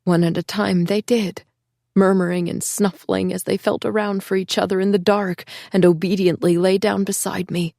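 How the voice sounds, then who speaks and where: A woman reading a first-person thriller audiobook in an emotional, hushed storytelling voice. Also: mid-range voice, level tone, moderate pace, vocal fry, no room sound, clean studio sound. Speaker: audiobook narrator.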